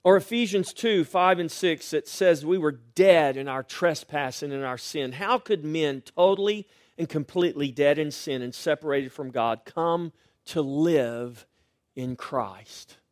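A middle-aged male pastor preaching a sermon, swinging between loud rising lines and quiet, hushed refrains. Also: fairly high pitch, a little slow, no room sound, studio quality.

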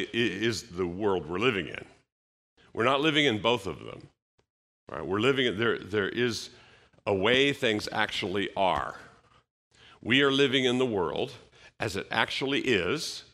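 A man's voice: fairly low pitch, lively intonation, a little slow, fairly bright tone. A man giving a conference talk, conversational, with frequent fillers and restarts, acting out bits of dialogue. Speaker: conference speaker.

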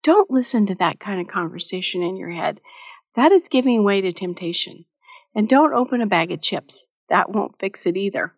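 A woman's voice: medium pitch, lively intonation, normal speed, husky, dry recording, clean studio sound. A middle-aged woman giving a devotional teaching talk in a motherly, practical way, with light touches of humor. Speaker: Christian devotional speaker.

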